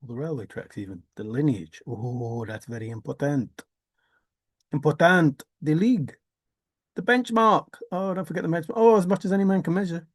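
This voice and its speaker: A man's voice: fairly high pitch, normal speed, no echo, studio quality. A man talking through a rambling vlog monologue, musing aloud, swearing casually and laughing to himself. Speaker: vlogger.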